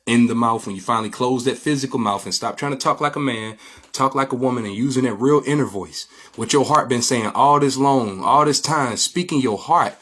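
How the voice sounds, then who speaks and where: A man's voice: mid-range voice, fairly quick, fairly bright tone. Preachy man with repetitive questions. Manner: preachy, repetitive, asks listeners "get my drift?". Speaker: spiritual teacher. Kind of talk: informal lecture, explaining images.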